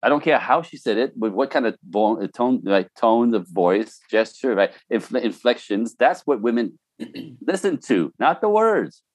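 A man's voice: medium pitch, very animated, unhurried, dry recording. A middle-aged man talking casually and telling stories, laughing often and mimicking other voices. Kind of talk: casual podcast chat.

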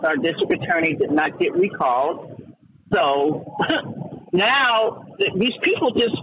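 Heated high-voiced man ranting on radio. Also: slight background noise. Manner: heated and ranting, with many stammered restarts. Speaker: radio talk show host. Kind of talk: opinionated radio talk. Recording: dull lo-fi radio broadcast.

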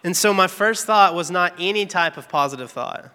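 A man's voice: high voice, moderate pace, bright, forceful tone, clean tone. A man giving an earnest, candid devotional testimony, telling a personal story about his work. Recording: long reverb, echoey hall.

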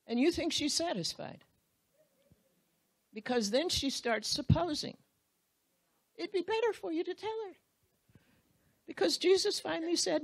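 A woman preaching a sermon, with drawn-out, emphatic phrases and wide swings in pitch and loudness. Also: gravelly.

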